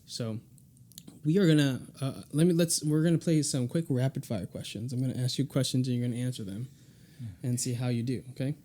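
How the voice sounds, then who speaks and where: A young man hosts a casual podcast and runs a rapid-fire question game. He sounds playful and quick, and laughs easily between questions. His pitch sits in the middle. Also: warm tone. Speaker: podcast host.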